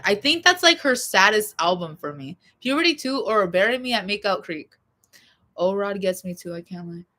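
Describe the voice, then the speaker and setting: A young woman hosting a casual livestream, chatting in a rambling, expressive way with lots of fillers. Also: medium pitch. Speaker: livestream host.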